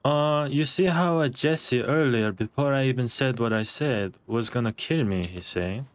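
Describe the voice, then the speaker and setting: A man's voice: mid-range voice, normal speed, natural voice. A man voicing an indignant male protester in game role-play, speaking in broken English and lecturing insistently. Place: game voice chat.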